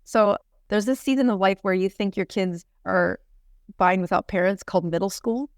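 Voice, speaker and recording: A middle-aged woman, a physician and podcast guest, telling stories in an animated way and laughing often. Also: mid-range voice, moderate pace, clear, resonant tone, no echo, studio quality. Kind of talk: storytelling in a podcast interview.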